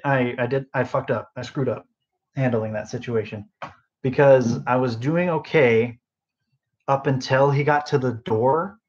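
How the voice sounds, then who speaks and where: A young man rambling through a story from his retail job, losing his thread and wandering into asides, sounding sleep deprived. His voice sits at an ordinary middle pitch. The phone on his bedside table gives the sound a slightly dull, muffled quality. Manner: rambling, lots of fillers and asides. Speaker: podcast host. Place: bedroom, phone on end table.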